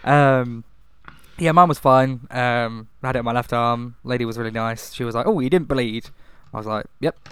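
A young man in casual chat, laughing and swearing through relaxed banter. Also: medium pitch, normal speed, smooth.

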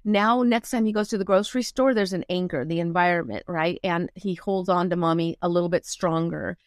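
A woman's voice: on the low side, a little fast, no echo, studio quality. A woman performance coach, a guest on an interview podcast, talking animatedly and acting out quoted voices as she tells stories. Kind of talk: conversational interview.

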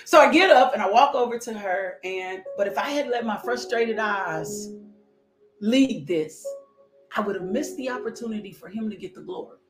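A woman preaching a sermon with a personal testimony, animated and calling out with bursts of praise. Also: mid-range voice, normal speed. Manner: animated, shouting "woo", laughing. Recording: echoey room with music behind.

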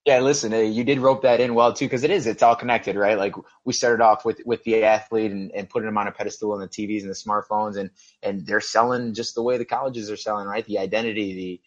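A man's voice: lowish voice, fairly even intonation, fast, hardly any pauses. Laid-back male host on lo-fi audio. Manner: laid-back, swears casually. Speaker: podcast host. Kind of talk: casual conversation. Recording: dull lo-fi audio.

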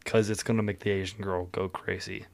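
A man's voice: sits low, level tone, fairly quick, vocal fry. A man co-hosting a podcast in casual chat, rambling and profane, with many fillers. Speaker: podcast co-host.

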